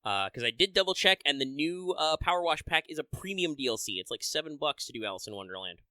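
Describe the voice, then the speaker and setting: A man's voice: on the high side, expressive, fast talker, sharp tone, no room sound, studio quality. A man co-hosting a podcast, chatting casually in a rambling, profane way with lots of restarts. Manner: rambling, profane, self-interrupting; restarts and filler words. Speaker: podcast co-host. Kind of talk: casual chat.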